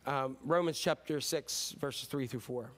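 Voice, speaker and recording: A man preaching a sermon as pastor, telling stories in a casual, animated way with sudden whoops and cheers. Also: medium pitch, measured pace.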